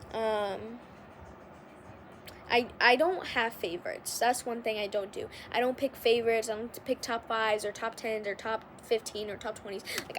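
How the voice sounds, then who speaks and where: Young woman podcasting, chatty and rambly, kinda high voice, bit of hiss behind. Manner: rambling, many "like" fillers, restarts. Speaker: podcast host. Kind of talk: casual confessional monologue.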